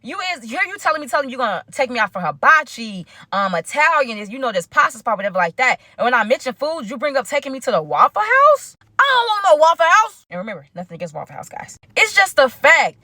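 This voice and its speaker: A young woman, telling a storytime in a casual, animated way and talking straight to her viewers. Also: fairly high pitch, quick pace, few pauses, no echo. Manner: animated, talks straight to viewers with lots of asides. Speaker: storytime vlogger.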